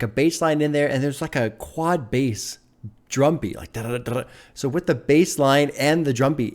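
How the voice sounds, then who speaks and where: A man hosting a music reaction video, talking casually and excitedly, swearing often and breaking into laughs. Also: mid-range voice.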